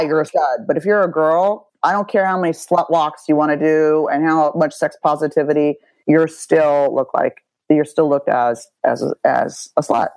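Blunt, gravelly-voiced woman author. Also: sits low, steady tone, normal speed, hardly any pauses, darkish tone, dry recording, low-quality recording. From United States. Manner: blunt, self-mocking, swears freely. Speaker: memoir author and guest. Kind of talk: candid interview talk.

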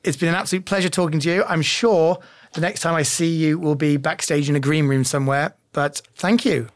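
A man hosting a podcast in relaxed, chatty conversation, laughing often. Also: on the high side, fairly quick. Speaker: podcast host. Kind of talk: casual chat.

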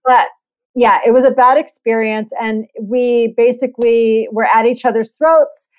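A woman with a slightly high voice fills in details of a shared story in a measured, casual way. Her voice is dry and close, with a dull, muffled tone. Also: steady tone, no echo. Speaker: guest musician.

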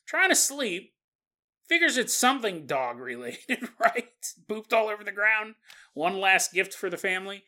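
A man's voice: sits high, sing-song, unhurried, bright, forceful tone. A man hosting a podcast, telling a story in a casual, conversational way with asides to the listener. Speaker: podcast host.

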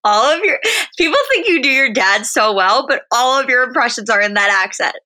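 A woman on a podcast speaks bluntly and with emphasis, swearing freely as she chats. Her voice sits a little high and has a bright, sharp edge. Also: animated, a little fast. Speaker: podcast co-host. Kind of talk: casual chat recapping a reality show.

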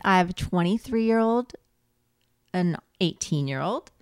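A woman's voice: on the low side, lively intonation, measured pace, a little mellow, smooth, dry recording, clean studio sound. A woman in her forties co-hosting a podcast, easygoing and wry, laughing often as she chats. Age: 40s. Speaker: podcast co-host. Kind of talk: casual chat.

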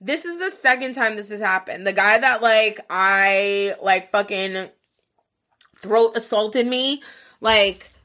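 A woman's voice: mid-range voice, slow, bright, forceful tone. A young woman hosting a podcast, telling a story in casual, frank, profane talk full of filler words. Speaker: podcast host.

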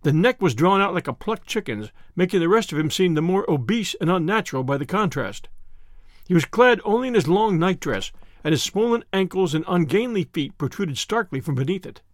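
A man narrating a story in the first person, expressive and storytelling. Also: sits high, brisk, dry recording. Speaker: audiobook narrator.

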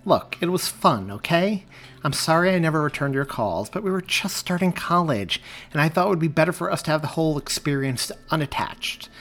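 An outspoken, exasperated young woman who will not let things drop, as a male reader puts her on. Her voice is lifted and full of animated rises and falls. She talks insistently. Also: a little high, brisk, pitched above the performer's own voice.

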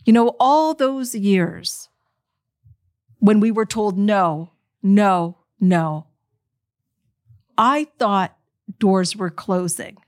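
A middle-aged woman telling her own story to an audience, emotional and animated, speaking straight to her listeners. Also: medium pitch, no room sound, studio quality. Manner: animated, emotional, direct address.

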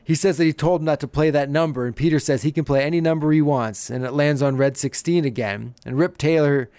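A man's voice: fairly high pitch, fairly quick, a little mellow, smooth, dry recording. A man hosting a podcast, casually recapping an episode and laughing often as he retells scenes. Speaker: podcast host.

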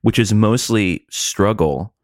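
A middle-aged man co-hosting a podcast, chatting casually in rambling, profane, animated stories. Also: on the low side, takes it slowly, no room sound, studio quality. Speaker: podcast co-host. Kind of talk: casual chat.

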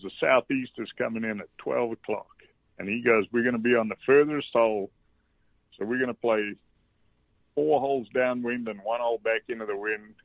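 A man from South Africa with a South African accent, a golfer guest telling relaxed anecdotes with salty language on a casual interview. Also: fairly low pitch, vocal fry, no echo. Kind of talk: casual storytelling. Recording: dry tinny phone line.

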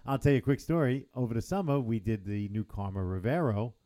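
A man's voice: mid-range voice, fast talker. A man co-hosting a casual podcast, telling stories with plenty of acted-out quotes. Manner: animated storyteller acting out quotes. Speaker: podcast co-host. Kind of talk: casual chat.

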